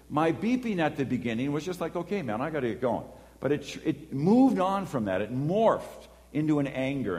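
A preacher delivers a sermon with an animated storytelling manner, acting out dialogue as he goes. His voice rings out in a hall with a long, lingering reverb. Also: on the high side. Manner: animated storytelling, acts out voices and horn beeps.

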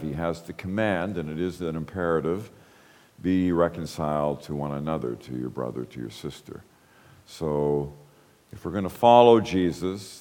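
Male preacher, deep voice, teaching sermon with emphatic quotes, echoing hall. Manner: explanatory, emphatic when quoting scripture. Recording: hall reverb.

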